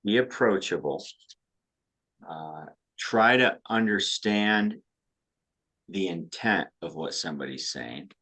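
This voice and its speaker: A man who coaches high school softball, co-hosting a casual podcast chat, often restarting his sentences. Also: expressive, breathy edge. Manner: halting, repeats words when starting sentences.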